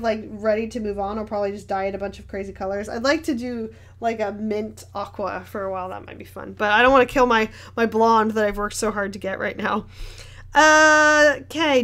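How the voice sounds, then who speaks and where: A young woman artist chatting casually while she paints and answers viewer questions, rambling with many fillers and easy laughs. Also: on the high side. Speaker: artist hosting a paint-along.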